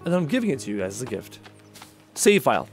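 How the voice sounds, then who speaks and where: A man's voice: medium pitch, sing-song, fast, faint music behind. A young man streaming a survival game live, chatting casually with viewers and joking as he plays. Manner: casual, joking, addresses chat as dude.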